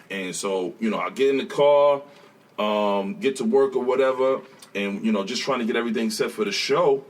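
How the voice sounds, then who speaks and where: A man, a schoolteacher and guest, telling stories in a casual interview, animated and laughing as he acts out what people said. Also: medium pitch, brisk, far from the mic. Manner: animated, laughing storyteller who acts out quotes. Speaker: teacher, guest.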